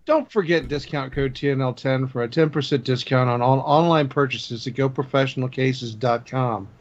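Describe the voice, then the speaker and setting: Deadpan man reading a mock news bit. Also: mid-range voice, moderate pace. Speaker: news segment presenter. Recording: dull lo-fi sound.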